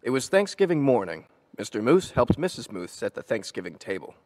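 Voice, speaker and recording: A man reading a children's picture book aloud in a church, expressive and animated. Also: mid-range voice, brisk, faint music behind. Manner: expressive, changing voices for animals. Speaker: story reader. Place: church hall.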